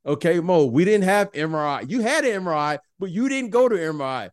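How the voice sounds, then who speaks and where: A man's voice: high voice, lively intonation, brisk, hardly any pauses, dry recording, clean studio sound. A middle-aged man and former pro basketball player co-hosting a casual sports chat, who keeps addressing his co-host by name and stammers through restarts, chuckling.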